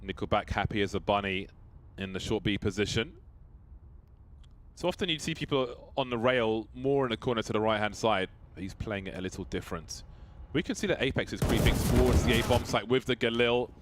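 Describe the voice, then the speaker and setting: A man commentating a competitive shooter match, building to excited calls during big plays. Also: lowish voice, fairly quick. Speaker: esports caster. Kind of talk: play-by-play commentary. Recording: noisy game sounds behind. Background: gunfire and game sounds.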